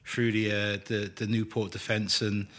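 A man's voice: lowish voice, level tone, normal speed, fairly bright tone. A man co-hosting a casual football podcast, wordy and thoughtful, with playful turns of phrase. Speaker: podcast co-host.

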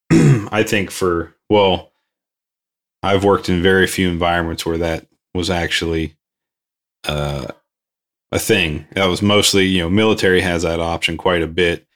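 Man, deep low voice, relaxed aviation maintainer, dry wit, measured and hedging. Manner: thoughtful, hedging with ums, dry humor. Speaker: aircraft maintainer. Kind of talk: casual shop talk.

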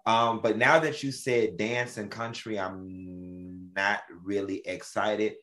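A man co-hosting a casual chat show, telling animated stories and laughing often. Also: on the low side, slow. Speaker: co-host.

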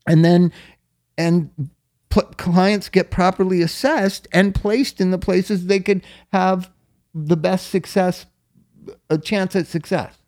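A man's voice: sits high, fairly even intonation, slow, a little mellow. A man in casual conversation, telling rambling stories and swearing freely. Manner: profane, rambling storyteller. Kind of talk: casual chat.

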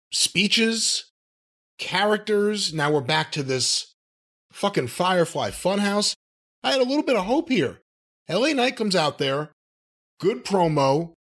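Man, co-host, slightly high voice, wry, critical, casual chat. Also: lively intonation, slow pace, long pauses, fairly bright tone. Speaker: podcast co-host.

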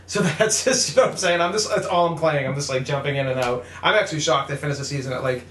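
A young man telling gaming stories with a lot of life. He acts out every quote, laughs often and swears freely, and his voice sits a little high for a man. The room has a noticeable echo. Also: quick pace, fairly bright tone, slight background noise. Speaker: podcast co-host. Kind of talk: casual gaming chat.

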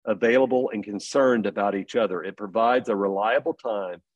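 A man's voice: on the low side, moderate pace, dry recording, highs cut off. A middle-aged man as a podcast guest, earnestly telling stories about parenting in casual conversation. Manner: earnest storytelling.

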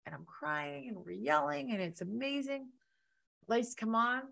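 A middle-aged woman hosting a podcast, telling a personal story in an animated way and acting out the lines of people in it. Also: unhurried, gravelly. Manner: animated, acts out quotes with big pitch jumps. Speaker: podcast host.

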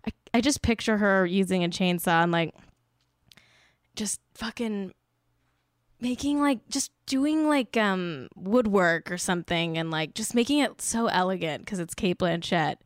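A woman's voice: mid-range voice, measured pace, smooth, no echo, clean studio sound. A young woman hosting a podcast, chatting casually in a giggly, rambling, playful way. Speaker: podcast host. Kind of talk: casual chat.

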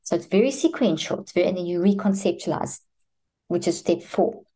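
A woman with a lowish, mellow voice, speaking as a guest expert in an interview. She lays out her method in order, step by step, and slips into short exchanges between parent and child. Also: lively intonation, fairly quick. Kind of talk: explanatory interview answers.

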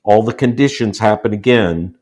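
A man's voice: lowish voice, moderate pace, a little mellow. A man in his sixties, a podcast guest, telling personal stories in an earnest, explanatory way and repeating points for emphasis. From United States. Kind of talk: conversational storytelling.

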